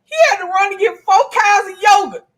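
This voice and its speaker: A woman's voice: very high-pitched, flat delivery, a little fast. A woman co-hosting a casual chat, talking bluntly and profanely and laughing often. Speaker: co-host.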